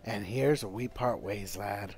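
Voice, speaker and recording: A man voicing a chatty, folksy male traveling merchant with rough, rambling speech while reading game dialogue aloud. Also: lowish voice, measured pace, darkish tone, faint music behind, lightly acted. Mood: hushed.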